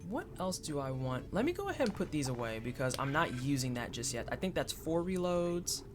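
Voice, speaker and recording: Lively, chatty game streamer. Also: medium pitch, a little fast, over music. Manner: chatty, thanks viewers, playful asides. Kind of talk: casual live-stream chat while gaming.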